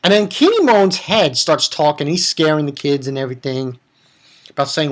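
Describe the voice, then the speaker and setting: Reviewing an episode of anime, this man gets carried away, fumbling character names and breaking into shrill squeals as he rambles. His pace is ordinary.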